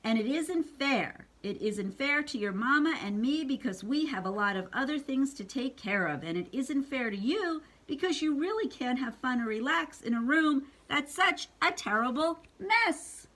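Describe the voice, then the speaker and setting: A woman reading the part of a calm, fair father bear who lays down the law firmly and reasonably in a storybook. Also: high-pitched, normal speed, few pauses. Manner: firm, reasonable lecturing.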